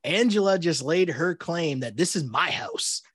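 Husky-voiced man chatting animatedly. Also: on the high side, unhurried, no echo, clean studio sound. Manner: animated, laughs often, acts out quotes in mock voices. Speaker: podcast co-host. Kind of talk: casual chat recapping a reality show.

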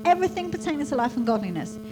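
Fervent, lively high-voiced woman preacher. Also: rapid-fire, over music, poor audio. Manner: fervent, repeats phrases, swings from quiet to loud proclaiming. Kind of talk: sermon.

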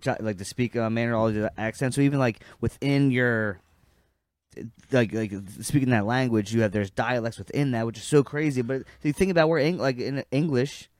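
A man co-hosting a casual podcast chat, speaking haltingly with many restarts and some swearing. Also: mid-range voice, a little mellow, no room sound, studio quality. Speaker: podcast co-host.

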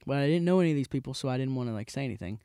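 A man in his twenties, a podcast host, telling a casual rambling story with frequent restarts and animated voices for the people in it. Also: medium pitch, racing, clear, resonant tone, dry recording, studio quality. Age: 20s.

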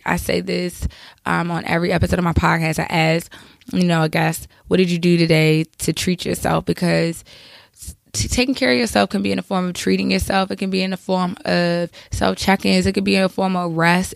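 A woman hosts her podcast while nursing a cold, her low voice heavily gravelly with vocal fry. She talks in a chatty, rambling way and keeps dropping in asides. The sound is dry and close to the mic. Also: no room sound. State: has a cold. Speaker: podcast host. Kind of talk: casual advice monologue.

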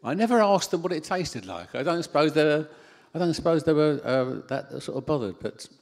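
A man preaching a sermon into a handheld microphone in a church hall, animated, with self-deprecating asides. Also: fairly high pitch, fairly quick.

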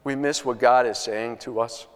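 A man's voice: medium pitch, fairly even intonation, normal speed, clean tone, in a large hall. A man preaching a sermon, telling a story in an earnest way with many restarts. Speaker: pastor.

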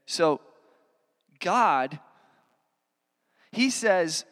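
A man with a strikingly high voice preaches a sermon in a conversational, earnest way, leaning on casual fillers as he talks. His voice rings out with a long reverb, as in a large church hall. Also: expressive, very slow, a bit bright. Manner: conversational, earnest, many "you know" fillers. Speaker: pastor.

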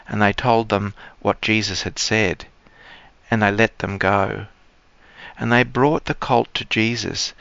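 Man, priest at a service, slow and solemn, resonant tone, slightly muffled recording. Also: lowish voice, vocal fry, a bit bright, clear, resonant tone, no echo. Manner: solemn, measured liturgical delivery. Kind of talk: liturgical prayer and Gospel reading.

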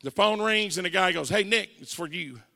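A man's voice: high voice, brisk, vocal fry, pushed and bright. A man in his forties with a Southern accent, preaching his testimony as an evangelist and acting out the voices in his story. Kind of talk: testimony sermon. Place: church sanctuary. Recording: reverberant church hall.

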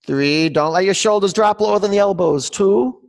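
A man leads a live yoga class in a large studio, counting down poses and teasing students as he goes. His voice sits a little high and has a gravelly edge. The room gives it a long reverb. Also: normal speed. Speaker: yoga instructor.

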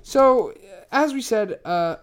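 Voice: mid-range voice, expressive, slow pace, clear, resonant tone. A casual podcast host talking through a true-crime case, swearing constantly and rambling with lots of fillers. He admits to being a little tipsy, and the delivery stays loose and informal.

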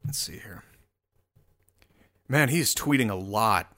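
A man's voice: lowish voice, animated, slow pace, a bit bright. A man giving casual, profane commentary while scrolling through posts, rambling and mocking.

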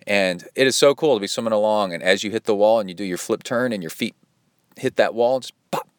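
A man's voice: lowish voice, brisk, clear, resonant tone, dry recording. Man, podcast host, casual rambling, upbeat, fillers, resonant voice, dead dry sound. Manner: rambling and upbeat, many fillers, mimics watch beeps. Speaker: podcast host and triathlon coach. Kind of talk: casual chat reading listener donations.

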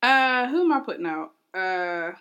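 A woman co-hosting a podcast in casual chat, playful and doubting, with quick exclamations. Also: on the low side, expressive, fairly bright tone. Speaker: podcast co-host.

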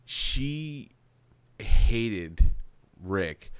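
A man's voice: medium pitch, expressive, drawn-out words, clean tone. A man co-hosting a podcast, chatting casually and swearing a lot, acting out quotes as he goes. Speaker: podcast co-host. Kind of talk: casual chat recapping a show.

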